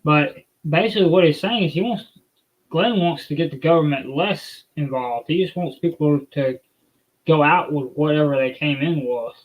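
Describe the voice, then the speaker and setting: A man's voice: fairly high pitch, normal speed. Man on a dull, distant camera mic. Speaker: panel guest.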